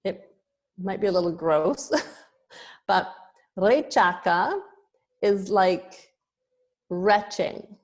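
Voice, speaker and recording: Slow, patient woman yoga teacher. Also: medium pitch. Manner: slow, patient explaining with small restarts. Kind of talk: online lesson on terminology.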